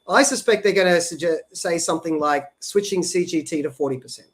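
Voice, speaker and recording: A man's voice: on the high side, fairly quick. A man co-hosting a policy podcast, explaining economics in a casual way and often checking in with "right?". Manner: explanatory, frequent "right?" tag questions. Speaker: podcast co-host.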